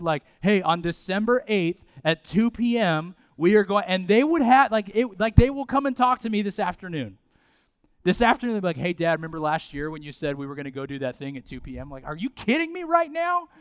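A man, preaching a sermon in a conversational, animated way with asides and repetition. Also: sits high, clean tone, no echo. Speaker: pastor.

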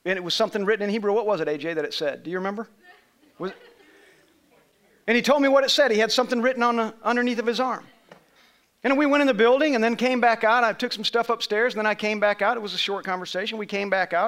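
A man with a high, bright voice tells a story from the pulpit in an easy, chatty way. He turns to people in the room to check the details. It sounds like a pastor at a casual sermon. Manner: conversational storytelling, asks congregation members questions.

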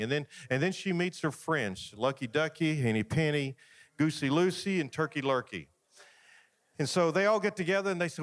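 A man, a pastor preaching a sermon with folksy storytelling that swings from loud to hushed. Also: a little high, animated, moderate pace. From Southern United States.

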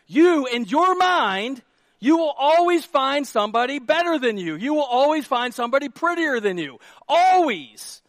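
A male pastor preaching with a notably high, bright-sounding voice, animated and playful, sometimes breaking into shouts. The sound is dry and close, with no room echo. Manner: animated, jokey, shouting at times. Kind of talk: sermon.

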